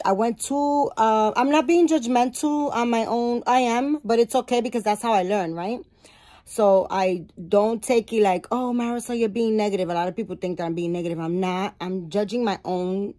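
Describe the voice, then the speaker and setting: A woman's voice: medium pitch, mellow. A middle-aged woman vlogging at home, chatting casually to her viewers, rambling and correcting herself as she goes. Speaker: doll-making vlogger.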